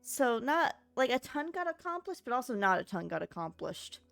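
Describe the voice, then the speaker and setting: A woman's voice: a little high, very animated, normal speed, gravelly, fairly bright tone. Sleepy woman rambling to her chat while gaming, faint music behind. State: sleepy, just woke up. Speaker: streamer. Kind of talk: casual game-stream chat.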